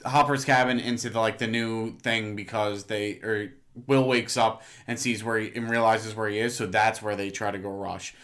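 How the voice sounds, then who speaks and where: A man's voice: fairly low pitch, little pitch movement, normal speed, hardly any pauses, fairly bright tone. Man, podcast co-host, casual recap, corrective. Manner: corrects and fills in plot details, lots of "like" and "uh". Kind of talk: casual chat recapping a show.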